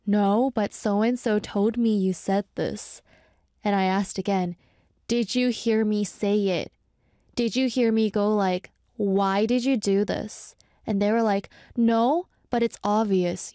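Mellow-voiced woman thinking aloud. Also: on the high side, dry recording, studio quality. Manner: thinks aloud, searching for words mid-sentence. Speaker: radio-style show host reading listener messages. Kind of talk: casual reflective chat.

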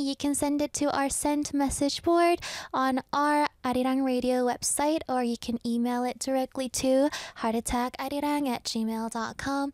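A woman DJ on air in a studio, teasing her listeners and chatting freely. She is out of breath, with a fairly high voice picked up dry and close on the studio mic. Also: darkish tone, dry recording. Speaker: radio DJ. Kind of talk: casual radio chat. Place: radio studio.

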